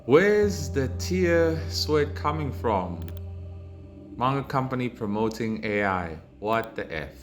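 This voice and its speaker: A man hosting a commentary video, reading out viewer comments and ranting in a mocking, heated way that climbs into loud exasperated outbursts. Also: mid-range voice, very animated, slow, soft background music. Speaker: commentary channel host.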